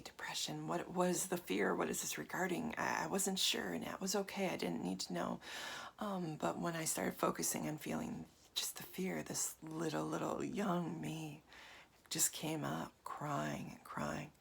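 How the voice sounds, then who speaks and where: A woman's voice: sits low, steady tone, normal speed, creaky, slightly rough. A woman in her forties giving a casual, confiding talk as a meditation teacher, often dropping to a half-whisper. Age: 40s. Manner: soft, confiding, with frequent fillers and laughs.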